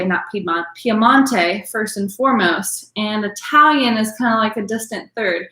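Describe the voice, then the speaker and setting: A woman's voice: on the high side, fairly bright tone, roomy sound. A woman teaching a wine class, explaining in a conversational way with frequent ums and self-corrections. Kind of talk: explanatory lesson.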